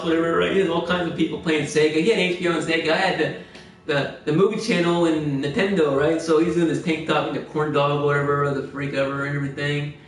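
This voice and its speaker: Man, rambling storyteller, laughs a lot, slightly high voice, very echoey room, far from the mic. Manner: meandering storyteller who laughs a lot and restarts phrases. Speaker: game livestreamer. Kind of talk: rambling anecdotal chat.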